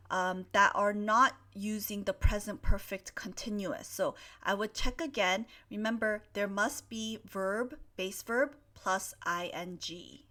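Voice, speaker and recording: A woman teaching English grammar in a live online lesson, reading out viewers' sentences and gently correcting them. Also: medium pitch. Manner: spells out endings letter by letter, stretches key words.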